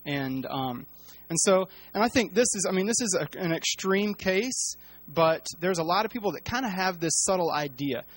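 Man, casual Bible teacher, halting with lots of fillers, slightly high voice, dry close sound. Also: expressive, a bit bright, dry recording. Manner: halting, many fillers and restarts.

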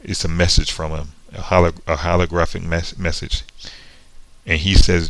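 A man's voice: sits low, little pitch movement, normal speed, poor audio. A man casually retelling a comic book story, sarcastic and often breaking into laughter. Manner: sarcastic, laughing between lines.

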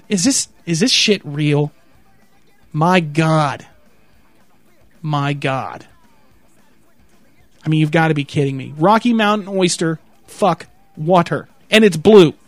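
A man's voice: sits high, no echo. A man in a profane, comedic rant, reading a list aloud with mock announcer delivery and repeating "okay?" in disbelief. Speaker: vlogger reacting to a product website.

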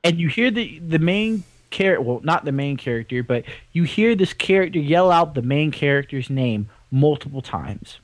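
A man co-hosting a casual podcast, talking in an animated, rambling and opinionated way. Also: a little high, moderate pace, hardly any pauses, no echo, poor audio. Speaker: podcast co-host. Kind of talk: casual chat.

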